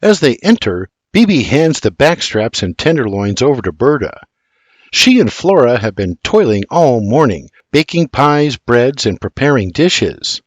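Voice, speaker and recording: An older man narrates a historical audiobook in a measured way. His pitch rises and falls very freely, and the recording is close and dry. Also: big pitch swings, dry recording. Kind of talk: scripted storybook narration.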